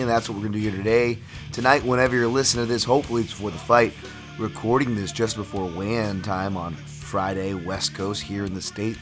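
A man hosting his own podcast with a raspy voice, rambling casually with fillers and self-corrections. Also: low voice, fairly bright tone. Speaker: podcast host.

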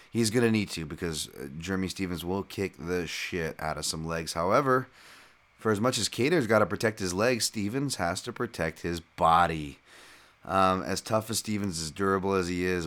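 Deep-voiced guy chatting through fight picks, slangy, calls listeners folks. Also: fairly bright tone. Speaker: podcast host. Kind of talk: casual fight analysis.

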